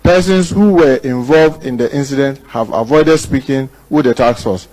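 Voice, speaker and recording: A man's voice: mid-range voice, moderate pace, a little mellow, poor audio. Ghanaian man reading a news report. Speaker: news presenter.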